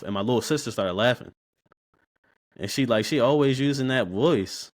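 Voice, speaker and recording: A man, telling stories as a podcast guest in a loose, slangy, animated way. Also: mid-range voice, fairly quick. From Baltimore, USA. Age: 20s. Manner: animated, slangy, repeats words when starting sentences. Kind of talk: casual interview storytelling.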